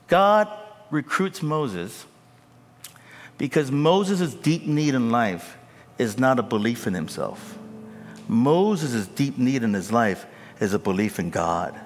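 A man preaching a sermon, swinging from loud, high emphatic peaks to low, casual asides. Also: animated, slow pace. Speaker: pastor. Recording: long hall reverb.

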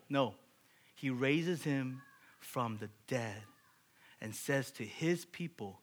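A man preaching a sermon to his congregation, animated, asking rhetorical questions and building up to loud, excited peaks. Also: medium pitch, slow, pauses often. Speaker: pastor.

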